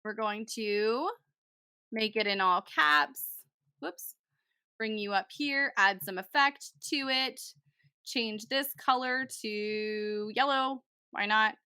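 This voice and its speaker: Woman, young tutorial host, casual, thinks aloud, bright tone, dry close mic. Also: on the high side, slow pace, pauses often, clear, resonant tone, dry recording. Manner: chatty, talks to herself while working, self-deprecating. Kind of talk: casual screen-recorded software tutorial.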